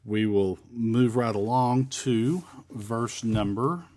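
A man's voice: mid-range voice, slow pace, a little mellow. A man teaching a Bible study in a casual, rambling way, with many fillers and restarts, into a home microphone. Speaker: Baptist preacher.

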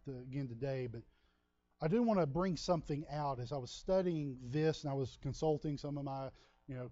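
A man's voice: mid-range voice, warm tone, no echo, dull audio. A man from Texas with a Texan drawl, preaching a sermon in a folksy, conversational way with asides to the congregation. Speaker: pastor.

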